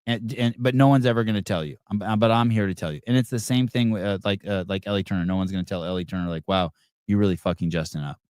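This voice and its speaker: A man's voice: fairly low pitch, fast talker, hardly any pauses, darkish tone, clean tone, no room sound, clean studio sound. A middle-aged man hosting a live call-in podcast, ranting bluntly and profanely with rambling restarts. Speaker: podcast host. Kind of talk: live call-in show commentary.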